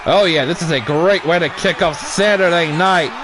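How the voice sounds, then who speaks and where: A man giving casual play-by-play commentary on a wrestling video game, shouting at big moves and swearing now and then. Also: fairly high pitch, moderate pace, noisy background. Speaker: YouTube gaming commentator.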